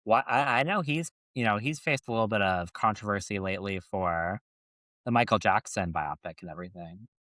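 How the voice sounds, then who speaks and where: A man's voice: lowish voice, brisk, fairly bright tone, dry recording, studio quality. A young man co-hosting a podcast in a casual, playful way, laughing often and restarting his sentences. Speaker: podcast co-host. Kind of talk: casual chat.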